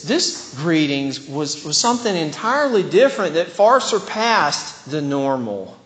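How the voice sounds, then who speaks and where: A man's voice: a little high, fairly bright tone, long reverb tail. A man preaching a sermon as pastor in a church, earnest and often restarting his words. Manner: earnest, with frequent word restarts.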